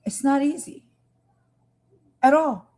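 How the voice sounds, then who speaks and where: A woman hosts a live stream, speaking with passion and emphasis, repeating her points and addressing viewers directly. Her voice is high-pitched, slow and warm, though the audio is poor.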